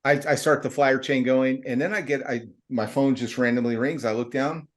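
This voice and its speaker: A middle-aged man with a mid-range voice hosts a podcast in a loose, casual way. He tells a long, rambling story with plenty of fillers, restarts and slang. His delivery stays animated and chatty throughout. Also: mid-range voice, moderate pace. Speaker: podcast host.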